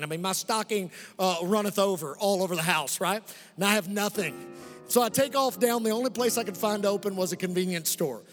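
A middle-aged man preaching with a fairly high voice, lively and joking, calling out to the congregation for amens. His voice carries a long hall reverb, with soft music faintly underneath. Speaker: pastor. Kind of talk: preaching a sermon. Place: church sanctuary.

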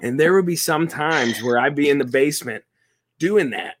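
An animated man telling stories as a toy collector on an interview show. He jokes at his own expense and rambles loosely from one thought to the next. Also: medium pitch, measured pace, a crowd in the background. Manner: animated, self-deprecating, rambling with restarts. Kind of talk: casual interview storytelling.

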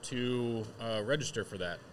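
Male podcast co-host, easygoing and teasing, mid-pitched, faint background hum. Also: moderate pace. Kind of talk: casual chat.

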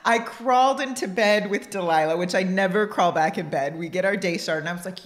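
A woman's voice: lowish voice, a little fast, echoey room. A woman co-hosting a casual chat with her partner, teasing him and pushing back on his stories. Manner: teasing, laughs often, pushes back. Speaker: podcast co-host.

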